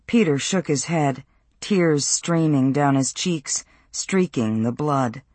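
A man narrating a novel in a measured, even storytelling voice. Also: fairly high pitch, no echo. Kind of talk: audiobook narration.

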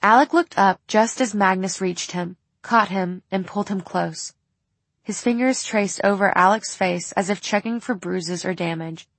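A woman reading an audiobook in a measured, low-key narration style. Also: no echo.

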